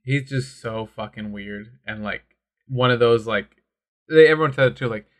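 Excited young-sounding man gushing casually. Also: mid-range voice. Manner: excited, fast, full of filler words and swearing. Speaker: comic discussion co-host. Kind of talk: casual chat.

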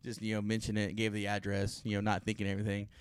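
A man's voice: on the low side, monotone, quick pace, clean tone, no echo. A man hosting a casual podcast chat, telling rambling stories and laughing often. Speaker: podcast host.

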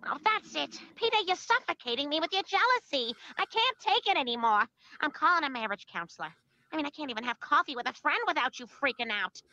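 A shrill, high cartoon wife rattles off her complaints quickly. Her bright, sharp voice swoops up and down. The sound is dry. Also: very animated, no echo, lo-fi sound, exaggerated voice. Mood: exasperated. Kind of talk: cartoon dialogue clip.

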